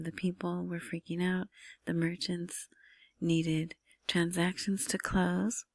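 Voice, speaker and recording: Brief: woman host, soft whispered commentary, husky and gravelly, dry close sound. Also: on the low side, no echo. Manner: whispering, rambling with many asides and "right?" checks. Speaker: currency news commentator. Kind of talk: casual solo commentary.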